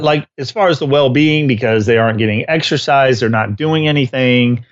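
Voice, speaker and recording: A man who trains dogs, co-hosting a podcast in casual chat and telling stories with lively acted-out bits. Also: mid-range voice, moderate pace, lo-fi sound. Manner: animated storyteller who acts out scenes. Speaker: dog trainer and co-host.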